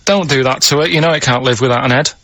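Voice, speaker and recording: An English man co-hosting a radio comedy show, explaining his odd ideas in an earnest, deadpan, halting way. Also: medium pitch. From England. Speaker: radio co-host. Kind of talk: casual comedic radio banter. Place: radio studio. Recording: hissy radio recording.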